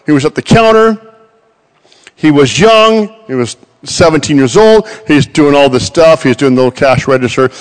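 Man, middle-aged, sermon, animated storyteller, fairly high voice, long hall reverb. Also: moderate pace. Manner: animated, storytelling with acted quotes. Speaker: preacher.

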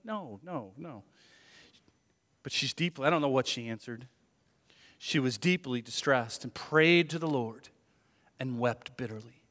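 Male pastor preaching in a big echoey church, bright voice, goes from quiet asides to really loud, lots of rhetorical questions. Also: mid-range voice, measured pace, pauses often. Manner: animated, swings from hushed asides to loud emphatic peaks; conversational, with fillers and rhetorical questions. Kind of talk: sermon. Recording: long hall reverb.

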